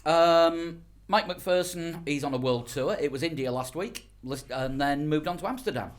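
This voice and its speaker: A man with a slightly higher voice co-hosting a casual podcast. He reads out listener emails. He talks hesitantly with many ums and pokes fun at himself. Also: moderate pace. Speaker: podcast co-host, reads the mailbag.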